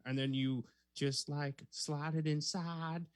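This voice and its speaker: A man's voice: fairly high pitch, fairly even intonation, takes it slowly, smooth. A man putting on a crude, swearing Australian bloke who grumbles and drawls his complaints.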